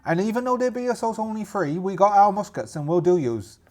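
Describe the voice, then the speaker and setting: A man's voice: high-pitched, sing-song, fairly quick, darkish tone, pitched above the performer's own voice. A man voicing a territorial rival pirate leader who threatens. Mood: threatening. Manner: muddled pirate dialect, threatening, repetitive.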